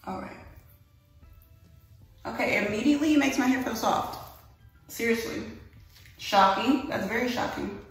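A young beauty vlogger, a little out of breath, chats casually and quickly about her hair and calls her viewers y'all. Her voice is a little high, with soft background music, recorded on a phone camera at a distance in an echoey room.

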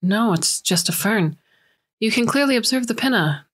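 A woman's voice: on the high side, expressive, normal speed, a bit bright, husky, pitched above the performer's own voice. A woman voicing an anxious young ship's gardener who pleads defensively, in a raised voice. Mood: pleading. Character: nervous young female ship gardener, defensive.

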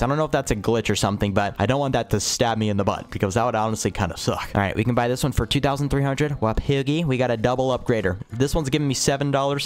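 A young man giving excitable gameplay commentary as a video host, with wild jumps in pitch. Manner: hyper, jumpy pitch, gasps and exclamations. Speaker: gaming YouTuber. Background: faint music.

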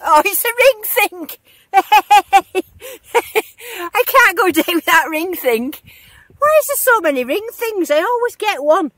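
A woman vlogging outdoors in a field, giving bubbly, excited running commentary as she digs and talking to her finds. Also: very high voice, a little slow, no room sound, clean studio sound. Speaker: metal detecting vlogger.

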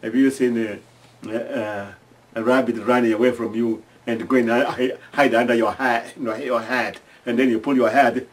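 A man telling stories from home in a halting, restarting way, acting out screams and sounds. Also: mid-range voice, fairly even intonation, distant mic. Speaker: storyteller. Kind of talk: casual oral storytelling.

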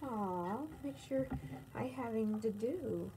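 Woman, slightly high voice, very slow soft cooing, toy video, noisy home recording. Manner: soft cooing and soothing, like talking to a baby. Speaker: toy reviewer. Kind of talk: casual toy play video.

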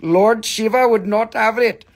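A man's voice: high-pitched, a little slow, voice pushed up. A man voicing an over-eager market salesman with a sing-song, pushy sales patter. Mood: salesy.

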